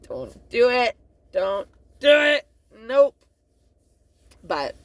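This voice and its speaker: Rambling woman with a gravelly edge. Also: medium pitch. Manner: rambling, profane, laughs often, loses track. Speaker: vlogger. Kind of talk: rambling casual monologue.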